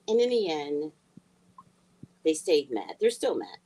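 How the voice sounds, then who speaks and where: A middle-aged woman telling a personal story in a blunt, heated way, swearing freely and swinging from hushed asides to near shouting. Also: low-pitched, sing-song, takes it slowly, pauses often, rough recording. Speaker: spiritual reader and vlogger. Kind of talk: casual storytelling rant.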